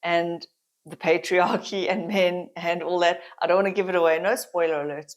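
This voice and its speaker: Chatty South African woman, lowish voice. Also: steady tone, moderate pace. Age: middle-aged. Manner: chatty, candid, laughs often, confiding. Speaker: vlogger. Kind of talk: casual chat to camera.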